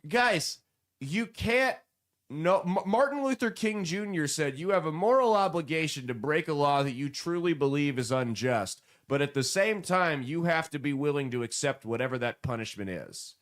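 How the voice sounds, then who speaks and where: A man hosting a political commentary show, animated and sarcastic, mocking the people he quotes. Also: a little high, moderate pace, few pauses. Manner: animated, sarcastic, mocking voices when quoting.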